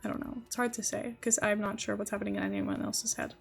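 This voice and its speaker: Over soft background music, a young game streamer born in the Netherlands talks fast in a rambling, filler-heavy casual chat. Her medium-pitched voice swings widely in pitch, with vocal fry and a breathy edge, and her accent blends American and British.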